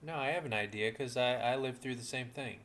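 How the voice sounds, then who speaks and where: Male podcast co-host, relaxed and agreeable, average pitch. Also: brisk, slight background noise. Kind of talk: casual chat.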